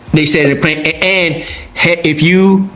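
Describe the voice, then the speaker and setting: A man's voice: on the high side, steady tone, slow pace, a bit bright. A man talking as a guest in a casual podcast chat, emphatic and laughing often, repeating phrases to drive a point home.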